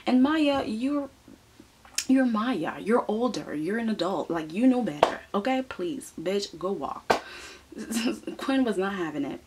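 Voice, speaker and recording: A woman reviewing a soap opera in a sassy, animated way, firing off rhetorical questions and quick asides. Her voice has a husky, slightly breathy grain and sits at an ordinary middle pitch. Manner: sassy, animated, laughs often; frequent rhetorical "okay?". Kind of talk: casual commentary.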